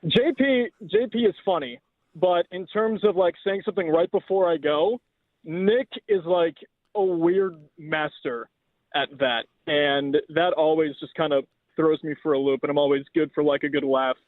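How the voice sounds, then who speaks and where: A man's voice: on the high side, animated, normal speed, no echo. Man calling in on a tinny phone line. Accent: American. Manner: jokey, mock-indignant. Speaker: show regular calling in. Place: car.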